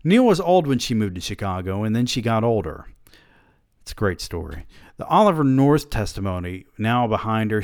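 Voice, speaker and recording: A man's voice: on the low side, clear, resonant tone, no room sound, studio quality. A man reading a story aloud who keeps breaking off to mock himself in sardonic comic asides. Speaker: reader of a story.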